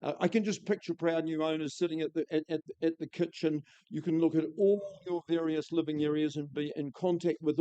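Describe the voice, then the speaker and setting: A man's voice: on the high side, dark tone, smooth, no room sound, highs cut off. A man with a New Zealand accent calling a live property auction, with a florid, enthusiastic sales patter.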